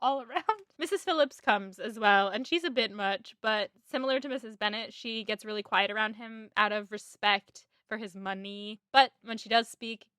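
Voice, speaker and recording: A woman's voice: mid-range voice, moderate pace, few pauses, pushed and bright, smooth, no echo, clean studio sound. A woman co-hosting a casual book-club podcast, giggling, sighing and gushing as she recaps the chapters. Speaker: podcast co-host.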